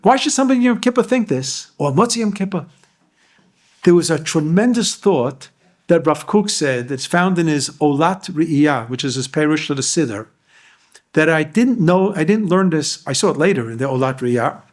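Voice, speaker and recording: High-voiced rabbi teaching a Torah class. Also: male voice, lively intonation, normal speed. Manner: explains Hebrew verses line by line, often asks the class questions. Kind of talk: Torah lecture.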